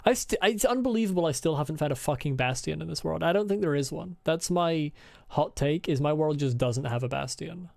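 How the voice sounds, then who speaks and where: A man's voice: fairly high pitch, lively intonation, fairly quick, gravelly, darkish tone, no room sound, studio quality. A man streaming a video game, muttering his plans to himself, swearing freely and answering chat. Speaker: let's play streamer. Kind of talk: casual live gaming chat.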